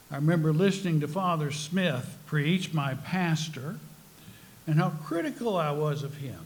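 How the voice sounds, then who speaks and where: Older man, unhurried storyteller, soft mellow tone, wry humor. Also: on the high side. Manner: storytelling, self-mocking humor. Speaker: speaker. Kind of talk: personal talk to a spiritual group.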